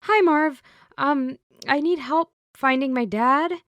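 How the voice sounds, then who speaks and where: A woman's voice: high-pitched, takes it slowly, fairly bright tone, dry recording, voice pushed up. A woman voicing a worried, pleading young woman in an audiobook. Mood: anxious. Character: anxious young woman, witch's daughter.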